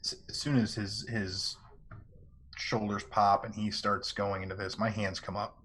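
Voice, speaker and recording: A man's voice: lowish voice, flat delivery, a little slow, a bit bright, poor audio. A man taking part in a tabletop game, describing his character's actions hesitantly as he thinks aloud. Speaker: player.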